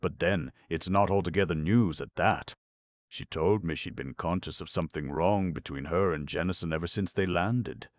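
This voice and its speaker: Proper old aunt in an audiobook, read by a man, low gravelly voice, measured. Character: proper older Boston aunt. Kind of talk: audiobook narration.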